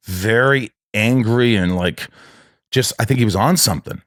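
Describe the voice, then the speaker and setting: A man's voice: fairly low pitch, moderate pace, fairly bright tone, no room sound, studio quality. A man telling a story in a casual podcast chat, rambling with many restarts. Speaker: podcast guest.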